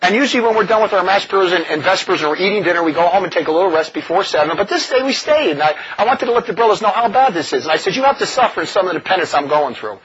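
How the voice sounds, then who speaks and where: Impassioned religious brother, male, raspy and animated, mocking tone, muffled lo-fi sound. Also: sits high, racing, hardly any pauses. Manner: animated, mocking, with frequent laughs. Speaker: religious brother leading a community. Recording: dull lo-fi recording.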